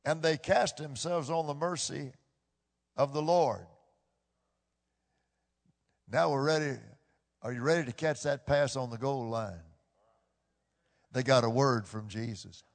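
A man preaching a sermon with impassioned delivery, swinging from hushed tones to loud bursts and repeating phrases for emphasis. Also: medium pitch, measured pace, vocal fry, long pauses. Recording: long hall reverb.

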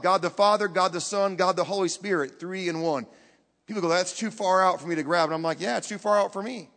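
High-voiced emphatic male preacher. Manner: emphatic, swinging between loud and hushed. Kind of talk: sermon. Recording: long hall reverb.

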